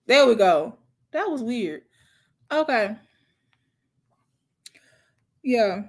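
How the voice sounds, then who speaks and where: Animated woman preaching to her stream. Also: on the high side, very slow, pauses often. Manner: animated, preachy storytelling with mocking impressions; calls listeners child and honey. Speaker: host. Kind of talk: casual livestream talk.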